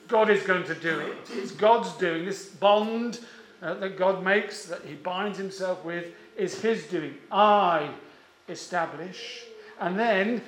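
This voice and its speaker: A man preaching a sermon in a church, measured and emphatic, with slow drawn-out stresses and frequent "uh" pauses. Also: high voice, a bit bright, roomy sound.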